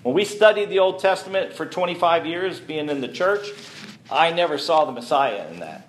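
A man's voice: on the high side, lively intonation, normal speed, slight background noise. Guy giving a sermon, chatty, asks the crowd stuff, roomy echo. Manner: conversational, asks the congregation questions. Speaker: messianic teacher. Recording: echoey room.

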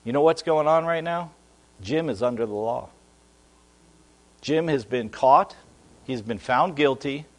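A middle-aged man preaching a sermon, telling a lively story and asking the congregation questions in a church. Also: mid-range voice, a little slow, pauses often. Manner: animated storytelling, talks to the congregation.

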